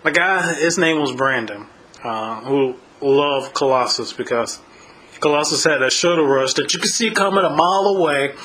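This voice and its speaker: A man's voice: on the high side, normal speed, bright, forceful tone, poor audio. A man telling stories in casual chat as a podcast co-host, laughing often as he talks.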